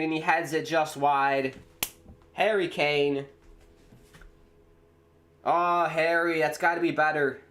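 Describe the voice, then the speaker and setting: A man chatting casually on a live football watchalong stream, rambling between excited reactions to the match. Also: on the high side, slow pace, pauses often.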